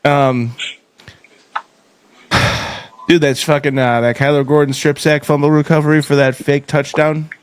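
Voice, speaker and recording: A man's voice: a little high, little pitch movement, unhurried, pauses often, clean tone. A man co-hosting a podcast, chatting casually about football, joking around with lots of fillers and restarts. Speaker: podcast co-host. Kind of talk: casual sports chat.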